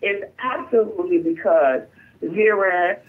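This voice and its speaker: A woman's voice: medium pitch, unhurried, husky. Emotional woman on a tinny phone line. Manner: emotional, emphatic, repetitive. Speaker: guest. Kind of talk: phone-in testimony.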